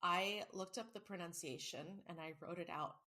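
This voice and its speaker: A woman's voice: fairly low pitch, steady tone, normal speed, pushed and bright. A woman co-hosting a casual book podcast, chatty and self-mocking, swearing now and then. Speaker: podcast co-host. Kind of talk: casual chat.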